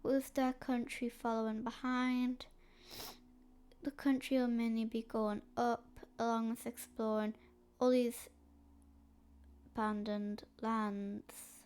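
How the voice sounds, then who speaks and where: A woman narrates a map history video at an unhurried, halting pace. Her voice sits a little high and sounds stuffy from a snotty nose. She pauses often and fills the gaps with "um". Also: flat delivery, a little mellow, clear, resonant tone. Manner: hesitant, slow, with frequent fillers. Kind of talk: slow narrated map commentary.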